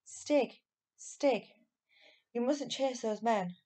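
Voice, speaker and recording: A woman's voice: on the high side, moderate pace, gravelly, a little mellow. A woman reading aloud and voicing a brave young boy who speaks urgently and pleads. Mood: urgent pleading.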